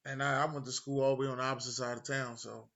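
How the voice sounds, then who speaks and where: A man's voice: mid-range voice, very fast, lo-fi sound. A man in his thirties, a podcast host from Philadelphia, telling a story casually and acting out what people said. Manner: animated, acts out quotes with laughs and swearing.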